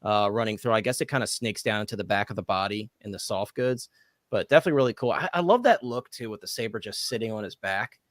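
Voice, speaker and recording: Fast-talking man hosting a casual chat. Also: lowish voice, no room sound, studio quality. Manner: fast, eager, moderating. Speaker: host.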